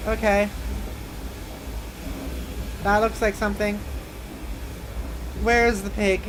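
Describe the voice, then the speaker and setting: A woman's voice: mid-range voice, little pitch movement, takes it slowly, background noise. A young woman streamer giving casual, jumpy commentary on a horror game and talking to her chat. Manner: chatty and jumpy, talks to chat.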